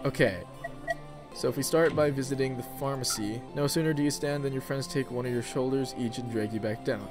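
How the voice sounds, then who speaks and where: Casual male gamer, reads the story and thinks out loud. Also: mid-range voice, a little fast, music in the background. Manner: casual, offhand, swears, thinks aloud. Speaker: video game streamer. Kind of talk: reading and playing a text adventure.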